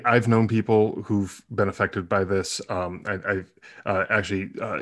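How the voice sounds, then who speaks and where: A man hosting an interview, speaking in a halting way with many restarts and filler sounds. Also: lowish voice, dry recording, clean studio sound. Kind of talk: conversational interview.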